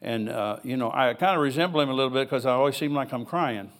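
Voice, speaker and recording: This older pastor talks fast, his medium-pitched voice fairly bright in tone. Preaching in a church, he reads scripture aloud and wanders off into casual personal asides.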